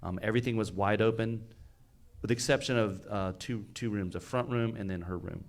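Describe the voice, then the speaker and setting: A fire battalion chief shares a rescue story during a casual podcast recorded live at a fire expo. His lowish voice runs a little fast, and his earnest emphasis comes with frequent stumbles and repeated words.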